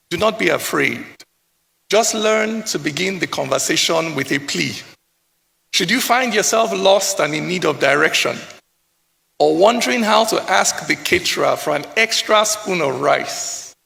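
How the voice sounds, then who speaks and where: A high, bright male voice with a Nigerian accent and a gravelly, fry-laden texture delivers a spoken-word poem. He speaks in a rhythmic, declamatory style, stacking repeated phrases. The sound carries a long reverb from a large hall. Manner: rhythmic, declamatory, building repetitions. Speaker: poet. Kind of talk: spoken-word poetry performance.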